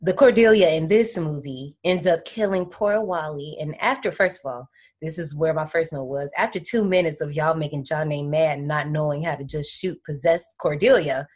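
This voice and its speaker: A woman's voice: sits low, moderate pace, darkish tone. A woman hosting a podcast, recapping a horror movie in slangy, playful, teasing casual chat. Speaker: podcast host.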